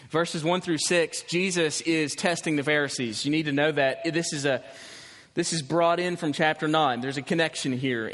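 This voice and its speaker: A man preaching a sermon as pastor, telling the story with animated restarts and emphasis. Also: fairly high pitch. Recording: long hall reverb.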